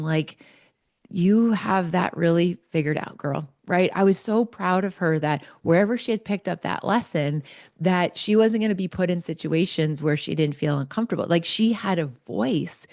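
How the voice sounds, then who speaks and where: A woman host telling a personal story in an animated, chatty way, peppered with "like". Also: fairly low pitch, no echo, clean studio sound. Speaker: podcast host, psychologist.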